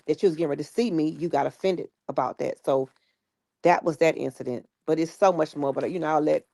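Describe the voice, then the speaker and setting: A woman, casually retelling a story and acting out the quoted people in lively bursts. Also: sits low, fast, gravelly, dry recording, studio quality. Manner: animated retelling with quoted voices. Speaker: guest recounting stories.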